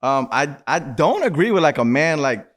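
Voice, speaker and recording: A man's voice: fairly high pitch, big pitch swings, moderate pace. Casual man. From New York. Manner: loose, filler-heavy, hedging with "like". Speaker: podcast host. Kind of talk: casual chat.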